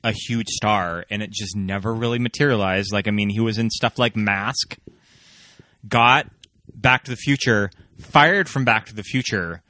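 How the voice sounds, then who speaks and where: A man co-hosting a casual movie podcast, relaxed and full of film trivia. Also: lowish voice, normal speed. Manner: relaxed, trivia-minded, many mm-hmms. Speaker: podcast co-host.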